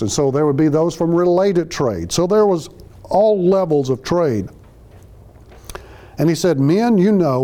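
A man's voice: a little high, warm tone. A man giving a conversational sermon, reading verses and explaining them phrase by phrase. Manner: conversational, explains each phrase, acts out quotes. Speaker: Bible teacher.

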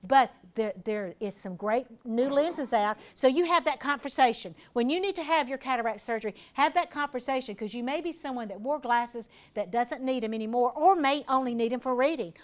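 A woman's voice: high-pitched, a little fast, hardly any pauses. A woman, giving an informal health talk to a group and often asking the audience questions. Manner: folksy and conversational, asks the audience questions. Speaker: health educator speaking to a seniors group.

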